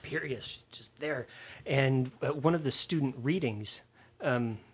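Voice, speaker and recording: A man casually telling an animated anecdote from his student days, with a slightly husky voice. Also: mid-range voice, measured pace. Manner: animated storyteller, acts out quoted lines. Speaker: former student telling a story.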